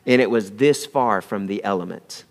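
A man preaching a sermon as pastor, telling a homely story, swinging between loud emphasis and hushed asides. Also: on the low side, moderate pace. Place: church sanctuary. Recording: long hall reverb.

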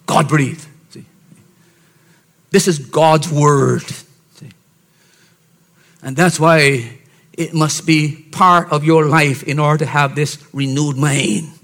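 A male pastor preaching a sermon with emphasis, dropping to soft asides and rising to shouted points, often asking his listeners "See?". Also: fairly high pitch, fairly even intonation, slow pace, pauses often. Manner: keeps checking on listeners with "See?".

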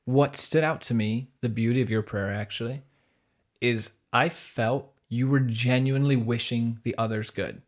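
A man's voice: medium pitch, moderate pace. A man hosting a podcast, talking about faith in a friendly, enthusiastic way and sometimes stumbling over his words as he restarts. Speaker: podcast host. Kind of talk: conversational discussion of faith.

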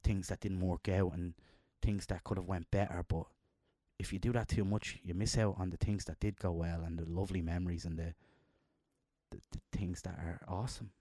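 A man's voice: steady tone, normal speed, dark tone, no room sound, clean studio sound. A middle-aged man co-hosting a podcast, talking in a heartfelt, emotional way about his kids. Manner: emotional, heartfelt, jumps up in pitch when quoting himself. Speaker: podcast co-host. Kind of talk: casual chat.

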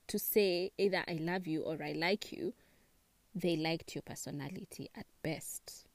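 A young woman with a Kenyan accent chatting casually, expressive and quick to laugh, giving relationship advice. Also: fairly low pitch, dry recording. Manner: chatty and expressive, laughs often, mixes in Swahili words. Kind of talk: casual chat to camera.

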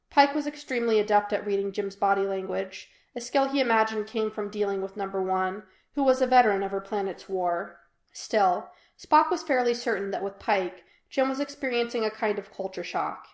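A woman reading a fan fiction audiobook in an even, unhurried storytelling voice. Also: medium pitch. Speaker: podfic reader. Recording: echoey room.

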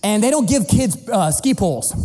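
A middle-aged man preaching as a pastor, telling a family story in an animated, playful way and acting out the voices. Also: high voice, normal speed. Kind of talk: sermon storytelling. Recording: long hall reverb with faint music.

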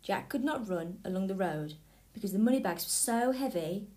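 Female narrator, mid-range voice, expressive fairy-tale reading. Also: mid-range voice, normal speed. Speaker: storybook reader.

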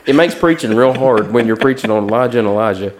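A man's voice: mid-range voice, expressive, fast talker, noisy background. A man, a preacher talking in dry, matter-of-fact casual chat. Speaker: preacher and podcast co-host.

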